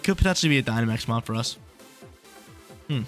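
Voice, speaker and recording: A young man giving excitable live commentary on his own game, talking to himself and repeating phrases. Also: medium pitch, fast, faint music behind. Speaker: gaming YouTuber.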